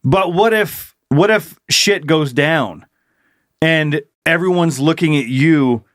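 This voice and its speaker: A man's voice: fairly high pitch, slow pace, a bit bright, no echo. Podcast co-host, male, forties, loose rambling delivery, dry close mic. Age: 40s. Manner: rambling, laid-back, swears freely. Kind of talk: casual comedic chat.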